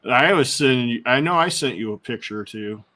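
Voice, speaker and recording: A man's voice: mid-range voice, a little fast. Laid-back man telling stories. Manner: relaxed storytelling with fillers and restarts. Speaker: co-host. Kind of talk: casual chat.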